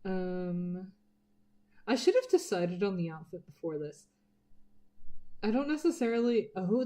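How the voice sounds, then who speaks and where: This art streamer has a lowish, mellow voice and talks casually while drawing live. She wanders from topic to topic, curses without restraint, and frequently lowers to a murmur as she concentrates.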